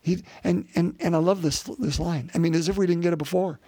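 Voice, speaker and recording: A man's voice: a little high, fairly even intonation, brisk, dark tone, slightly rough, dry recording. A man preaching a sermon in an earnest way, with frequent restarts and rhetorical questions.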